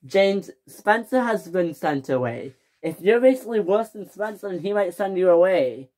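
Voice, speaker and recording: A woman voicing a calm, patient older male engine in a toy train story, giving measured advice. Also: medium pitch, close to an everyday voice. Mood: advising.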